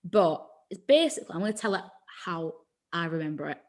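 Woman co-host, low-ish register, loose chatty storyteller with a sweary streak. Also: lively intonation, fairly quick. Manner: rambling, swears freely, lots of "like". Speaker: podcast co-host. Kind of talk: casual storytelling chat.

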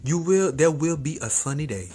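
A man hosting a podcast, talking casually and encouragingly straight to the listener in an expressive motivational monologue, his pitch jumping up as he gets animated. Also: moderate pace, breathy edge. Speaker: podcast host.

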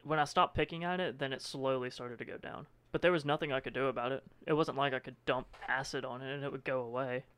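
A man trading jokes in relaxed, profane conversation. He laughs often and leans into exaggerated bits. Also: mid-range voice, fast talker, few pauses, smooth. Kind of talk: casual podcast banter.

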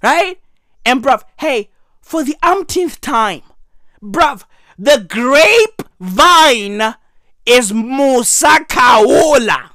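A hoarse man with a South African accent delivering a profane, comedic political rant, switching between English and Zulu slang. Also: extremely high pitch, animated, extremely slow, bright, forceful tone, dry recording, clean studio sound. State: hoarse, clearing throat. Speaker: vlogger.

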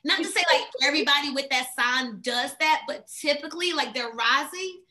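A woman chatting casually about astrology in an animated, filler-heavy way. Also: high-pitched, fairly quick. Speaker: astrology guest. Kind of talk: casual chat.

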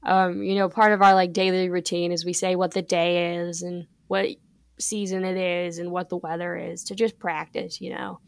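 Teenage girl in relaxed chat. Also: fairly low pitch, moderate pace, vocal fry, no room sound. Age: teens. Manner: relaxed, chatty, laughs often. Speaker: podcast co-host. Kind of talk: casual chat.

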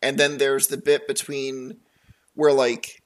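A man hosting a casual podcast, easygoing and quick to laugh as he asks his guest questions. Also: mid-range voice, little pitch movement. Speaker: podcast host and game master.

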